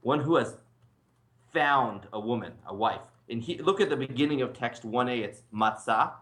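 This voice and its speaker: Joking rabbi in an echoey room. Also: male voice, medium pitch, lively intonation, normal speed, a bit bright. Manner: joking, laughs often, asks students to read. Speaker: rabbi teaching a class. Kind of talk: casual lunchtime Torah class.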